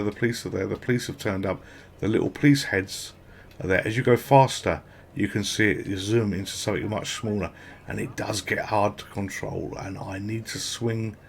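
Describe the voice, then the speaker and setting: Chatty British man, lowish voice. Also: vocal fry. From Britain. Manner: chatty and rambling, with excited exclamations. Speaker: gameplay commentator. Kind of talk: casual gameplay commentary.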